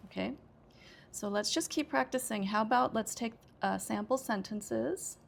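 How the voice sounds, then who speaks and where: A woman's voice: on the high side, normal speed, vocal fry. An American woman teaching English pronunciation, explaining sentence stress step by step and repeating example sentences with careful emphasis.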